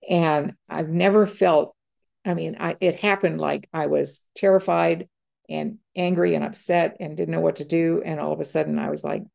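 Older woman with a gravelly voice. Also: low voice, a little mellow. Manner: halting, repeats words, quotes others. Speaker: guest. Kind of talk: personal storytelling in conversation.

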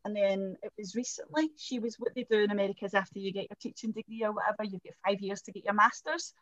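A middle-aged Scottish woman chatting as a podcast guest, telling animated stories with acted quotes and swearing. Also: medium pitch, fast talker, no room sound, dull audio. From Scotland. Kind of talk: casual chat.

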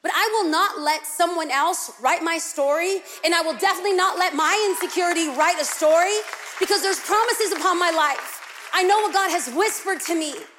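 A woman with a high, bright voice preaches in a church sanctuary, her words trailing off into a long hall reverb. She is animated and playful, leaning hard on key phrases to make her points. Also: a little fast, some chatter behind, slight background noise. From United States. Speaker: guest preacher. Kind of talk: sermon.

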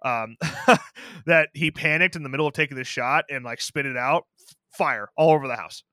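A man's voice: medium pitch, moderate pace, sharp tone, dry recording, clean studio sound. A man co-hosting a podcast, joking and swearing as he chats about a horror movie. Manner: joking, swears, laughs at his own stories. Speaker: podcast co-host. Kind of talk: casual movie review chat.

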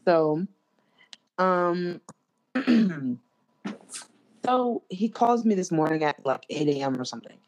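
A young woman, hosting a podcast and telling a story to a friend in a casual, animated, slangy way, full of "like". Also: lowish voice, slow pace, long pauses. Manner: animated and slangy, filler-heavy with lots of "like". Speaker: podcast host.

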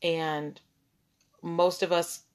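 A woman's voice: lowish voice, level tone, very slow. A woman hosting a casual interview who encourages her guest and sums up what she has said. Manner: encouraging, reflects back and sums up. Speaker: host.

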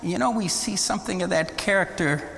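A man preaching a Bible teaching sermon, deliberate and emphatic, often rising into exclamations. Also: sits high, creaky, a bit bright, slight background noise. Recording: long reverb of a large hall.

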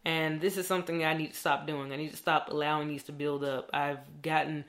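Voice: mid-range voice, level tone, brisk, a bit bright. A young adult vlogger talking in a candid, rambling diary style and swearing freely. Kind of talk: casual diary vlog.

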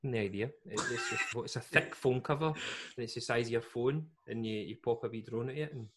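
A man's voice: medium pitch, a little fast, fairly bright tone. A young Scottish man co-hosting a podcast, chatting casually and joking, with frequent laughter. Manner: chatty, jokey, laughs often. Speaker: podcast co-host. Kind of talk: casual chat.

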